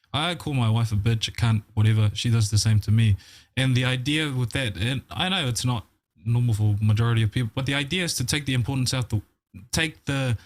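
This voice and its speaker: A man speaks candidly about his marriage as a podcast guest. His mid-range voice stays blunt, frank and unhurried, broken by filler words. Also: mid-range voice, a little mellow. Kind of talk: casual podcast chat.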